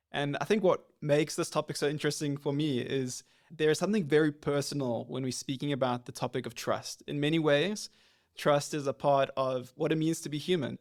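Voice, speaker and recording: A man hosting a podcast interview, speaking in a measured, reflective way. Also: mid-range voice. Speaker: podcast host.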